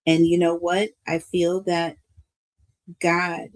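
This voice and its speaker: A woman's voice: on the low side, flat delivery, slow, rough recording. An older woman, a grandmother, giving a live tarot reading to her viewers in an emotional, preachy way and calling them y'all. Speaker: tarot reader.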